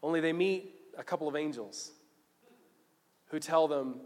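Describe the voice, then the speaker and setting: Guy preaching like he's just telling a story, slangy, gets loud, big hall echo. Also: fairly high pitch, lively intonation, moderate pace. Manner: casual storytelling with slang, often rising to loud. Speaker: pastor. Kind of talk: sermon. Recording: long reverb of a large hall.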